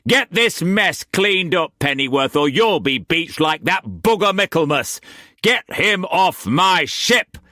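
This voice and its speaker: A furious, bellowing old sea captain, shouting in a rough country dialect. The voice is pushed high and strained with anger. It sounds dry and close to the microphone. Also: male voice, expressive, slow, dry recording. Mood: raging. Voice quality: loud rough dialect, roaring.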